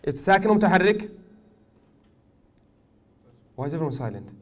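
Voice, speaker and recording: A man teaching a tajweed class, questioning his students often and joking gently. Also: a little high, very animated, moderate pace. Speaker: Quran recitation teacher.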